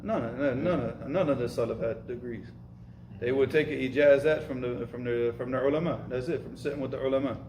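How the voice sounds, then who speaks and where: A man's voice: mid-range voice, brisk, a little mellow, slight background noise. Casual, emphatic male teacher in an echoey room. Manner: casual, emphatic, repeats words, Arabic terms mixed in. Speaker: Arabic and Islamic studies teacher. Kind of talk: informal lesson with live questions.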